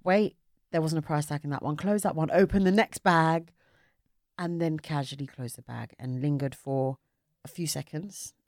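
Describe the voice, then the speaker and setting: A woman's voice: deep voice, moderate pace, a little mellow, dry recording, clean studio sound. A young woman co-hosting a podcast in a playful, chatty way, often laughing. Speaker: podcast co-host. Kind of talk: casual chat.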